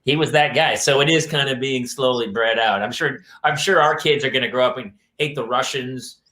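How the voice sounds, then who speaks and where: A middle-aged man hosting a casual chat, telling animated stories and doing his father's voice. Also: mid-range voice, fairly quick. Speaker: host.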